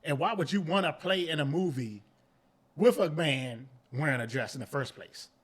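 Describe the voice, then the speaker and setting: A man's voice: a little high, moderate pace. A man co-hosting a podcast in casual chat, laid-back but argumentative and slangy. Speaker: podcast co-host.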